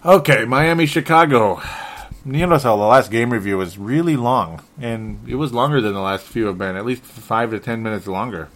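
This sports podcast host has a fairly low, slightly bright voice. Running his solo talk show alone, he grows frustrated and wanders, tripping over his words and going back to fix them.

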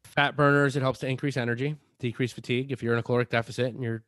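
A man's voice: mid-range voice, level tone, very fast, a bit bright, dry recording, studio quality. A man co-hosting a fitness podcast, explaining supplement advice in a casual chat and often restarting his sentences.

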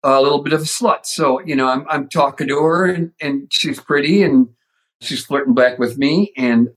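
An older man casually telling a lively backstage anecdote, swearing freely. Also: mid-range voice, normal speed, low-quality recording. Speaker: guest storyteller.

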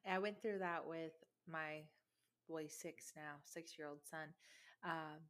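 A woman's voice: sits low, fairly even intonation, takes it slowly, fairly bright tone. A woman in her thirties chatting openly about her kids, candid and emotional, laughing as she tells stories. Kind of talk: casual chat.

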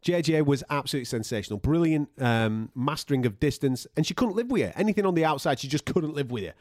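A man's voice: fairly high pitch, animated, fast, darkish tone, no room sound, studio quality. A man co-hosting a casual sports podcast, ranting animatedly and swearing freely. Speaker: podcast co-host.

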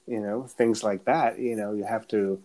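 A man chatting as a guest, telling a story with animated, halting delivery and many fillers. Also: on the low side. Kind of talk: casual conversation.

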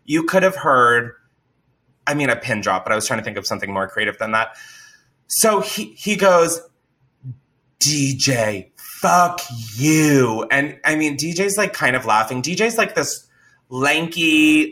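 A man telling a story in casual chat, animated and profane, with lots of "like.". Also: fairly high pitch, moderate pace. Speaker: podcast co-host telling a story.

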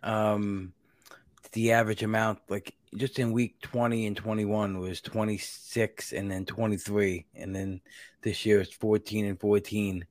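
A man's voice: on the low side, level tone, measured pace, a little mellow, dry recording. A man hosting a podcast in casual chat, rambling and restarting his sentences with laughs in between. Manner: rambling, self-interrupting, laughs between thoughts. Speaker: podcast host.

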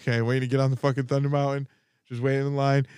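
A man's voice: medium pitch, rapid-fire, clear, resonant tone, no room sound, clean studio sound. A young man casually telling a rambling, profane story to his co-hosts. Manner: rambling, profane, animated when telling stories. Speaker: podcast co-host.

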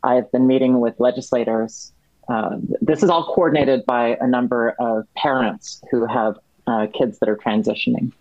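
A man on as a guest, explaining policy at length in a halting way, with many restarts and fillers. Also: mid-range voice, fairly even intonation, a little mellow, no echo, dull audio. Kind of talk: explaining policy in a podcast chat.

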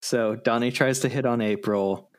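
A man casually brainstorming a comedy sketch, eager and quick to jump in with ideas. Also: medium pitch, steady tone. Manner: eager, jumps in with ideas, lots of fillers. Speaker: comedy writer.

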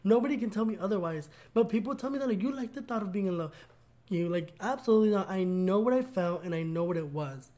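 A man's voice: high-pitched, animated, fast, warm tone. A young man co-hosting a podcast, telling a personal story in casual chat, earnest and gushing with lots of "like" fillers. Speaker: podcast co-host.

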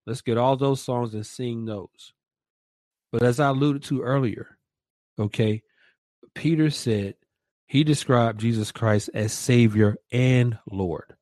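A man's voice: medium pitch, slow pace, a little mellow, no echo. A man co-hosting a Christian commentary podcast, emphatic and stressing points by repeating words. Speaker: podcast co-host.

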